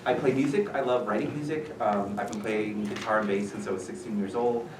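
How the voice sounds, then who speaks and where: A man telling stories casually to a school audience as a visiting author, animated and self-deprecating with many fillers. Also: lowish voice, fairly quick. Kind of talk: casual storytelling talk to students. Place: school room. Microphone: far room mic. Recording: echoey room from far off, noisy.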